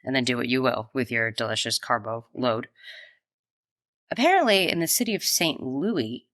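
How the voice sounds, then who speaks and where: A woman co-hosting a casual food podcast, playful and animated as she reads out debate topics. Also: extremely low pitch, a little fast, no echo. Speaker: podcast co-host. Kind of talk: casual chat.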